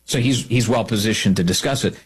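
A man's voice: lowish voice, brisk, husky. A man hosting a talk show, delivering an emphatic, opinionated monologue and repeating key lines for effect.

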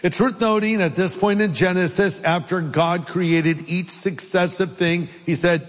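A male pastor delivers an animated, humorous sermon in a large church. His voice sits high for a man. Long reverb from the hall trails each phrase. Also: a little slow, hardly any pauses. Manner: animated, joking preaching.

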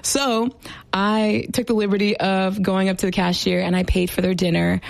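A woman's voice: medium pitch, flat delivery, moderate pace, vocal fry, dry recording, rough recording. A young woman hosting a radio show, upbeat and chatty, with lots of "like" and "um". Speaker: radio host. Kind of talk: casual radio chat.

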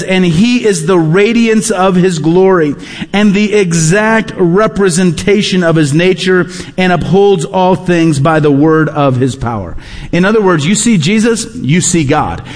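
A man's voice: high-pitched, big-room sound. A pastor preaching a sermon, earnest and repeating his key phrases for emphasis.

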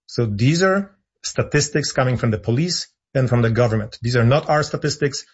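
A man's voice: mid-range voice, normal speed, breathy edge, dull audio. A man speaking as a guest on a radio call-in show, arguing his points insistently and repeating them for emphasis. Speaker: guest, founder of an advocacy group.

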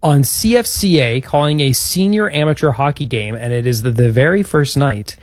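A man's voice: medium pitch, lively intonation, moderate pace, a little mellow, no room sound. Man telling history casually, dry sound. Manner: recounting history, upbeat. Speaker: podcast co-host. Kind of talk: casual chat.

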